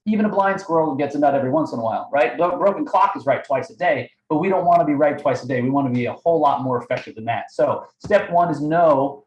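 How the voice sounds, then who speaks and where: A man's voice: on the high side, fast, few pauses, echoey room, lo-fi sound. A man hosting a live sales training webinar, talking energetically and firing off "right?" and "okay?" at his audience. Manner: energetic, coaching, many rhetorical "right?" and "okay?". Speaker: webinar host.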